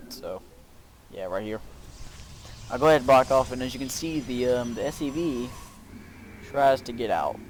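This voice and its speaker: A man's voice: medium pitch, slight background noise. Rambling man narrating his game replay. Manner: rambling, filler-heavy, self-narrating. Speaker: gameplay commentator. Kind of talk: casual game commentary. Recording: faint music behind voice. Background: faint background music.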